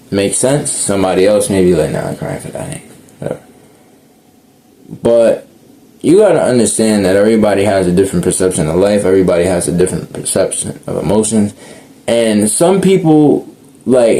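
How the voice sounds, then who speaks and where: A man's voice: low voice, warm tone. A young man talking casually and earnestly outdoors, rambling and correcting himself as he goes. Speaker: speaker sharing reflections. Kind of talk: casual unscripted monologue.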